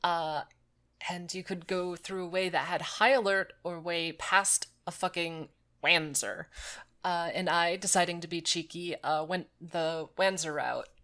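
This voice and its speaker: Low-voiced woman ranting casually. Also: steady tone, a little slow, fairly bright tone. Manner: profane, exasperated recapping. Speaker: podcast co-host. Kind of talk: casual chat.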